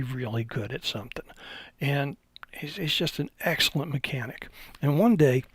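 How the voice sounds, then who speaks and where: A man's voice: mid-range voice, gravelly, a bit bright, breathy edge, no echo. A man giving an unscripted hydraulics webinar, telling folksy stories with some hesitations. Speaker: hydraulics instructor.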